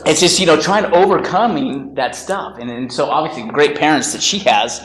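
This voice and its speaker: A man's voice: on the high side, brisk, fairly bright tone. A man coaching a group session, upbeat and chatty, often laughing and checking in with "right?". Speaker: real estate coach leading a group session. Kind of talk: energetic group coaching talk. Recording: roomy meeting room.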